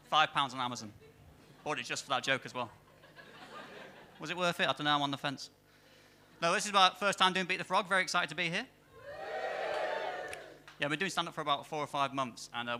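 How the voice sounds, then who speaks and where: A man doing a stand-up set on a comedy club stage, delivering dry, deadpan one-liners into a handheld mic. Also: a little high, fast, long pauses, a little hiss or hum.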